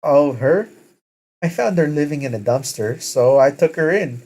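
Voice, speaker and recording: A man's voice: a little high, expressive, normal speed, a little mellow, pitched above the performer's own voice. Cheeky young woman friend, raised voice, teasing and bold, read by a man.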